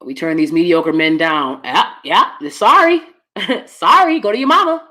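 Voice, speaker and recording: A woman, chatting casually and animatedly with her viewers while laughing often, swinging between loud bursts and soft asides. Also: lowish voice, lively intonation, a little slow. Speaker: channel host. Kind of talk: casual live-stream chat.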